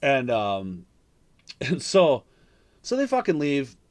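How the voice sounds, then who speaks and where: Man, podcast host, casual storytelling, heavy swearing, rambling, mid-pitched voice. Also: huge pitch swings, takes it slowly. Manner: profane, rambling, lots of fillers and restarts.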